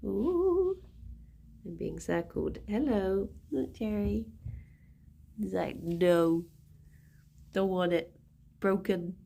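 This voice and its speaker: A woman's voice: mid-range voice, gravelly, a little mellow. A woman live-streaming and chatting casually with her viewers, laughing often and talking to her pets. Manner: giggly, chatty, talks to pets and chat.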